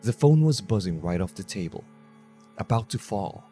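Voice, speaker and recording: Low-voiced man narrating horror. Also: sing-song, normal speed, mellow, soft background music.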